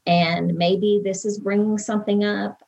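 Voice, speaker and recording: A woman's voice: medium pitch, flat delivery, measured pace, vocal fry, darkish tone. A woman in an interview, earnestly and emotionally recalling events from her own life. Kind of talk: personal recollection in an interview.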